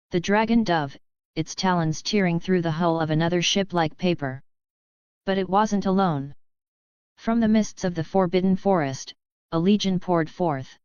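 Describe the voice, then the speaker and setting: Woman reading an audiobook, smooth low voice, dry and kinda muffled. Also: dry recording. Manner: steady storytelling. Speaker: audiobook narrator. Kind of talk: scripted narration. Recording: muffled lo-fi recording.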